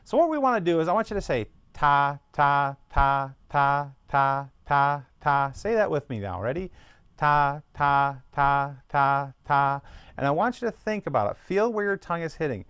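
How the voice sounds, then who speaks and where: A man's voice: on the high side, very animated, moderate pace, a bit bright, smooth, no echo, highs cut off. Patient man teaching beginner trumpet. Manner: patient, step-by-step, demonstrates syllables aloud. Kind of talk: beginner music lesson.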